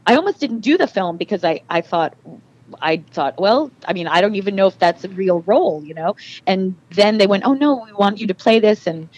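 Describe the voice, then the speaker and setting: A middle-aged actress chatting as a podcast guest, telling animated stories and acting out quoted dialogue. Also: female voice, mid-range voice, brisk, dull audio. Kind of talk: casual interview.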